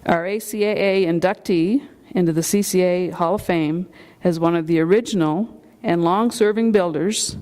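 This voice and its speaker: A woman presenting a hall of fame inductee, reading a prepared introduction in a steady manner. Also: lowish voice, moderate pace. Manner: steady, reads a prepared text. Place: banquet hall.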